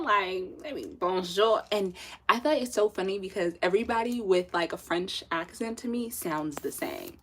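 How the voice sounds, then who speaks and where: This livestream host is a young woman from southern Africa with a husky, mid-range voice. Chatty and quick to laugh, she reads her viewers' chat messages aloud and sprinkles French phrases into her talk.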